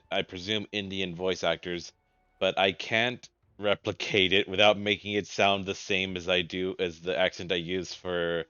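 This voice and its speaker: A man's voice: deep voice, pushed and bright, smooth, dry recording, lo-fi sound. A man hosting a game let's play, talking casually in a rambling, stumbling, self-questioning way.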